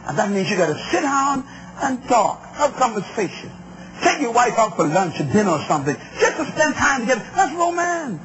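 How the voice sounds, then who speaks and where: High-voiced emphatic preacher. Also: male voice, big pitch swings, a little fast, highs cut off. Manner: emphatic, call-and-response with the crowd. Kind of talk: sermon on relationships.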